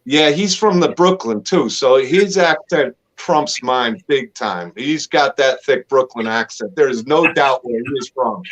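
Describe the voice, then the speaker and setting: A man's voice: mid-range voice, a little slow, hardly any pauses, fairly bright tone, low-quality recording. A man with a mixed Northeastern US accent hosting a casual interview, friendly and joking about himself. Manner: friendly, joking, self-deprecating. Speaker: interview host.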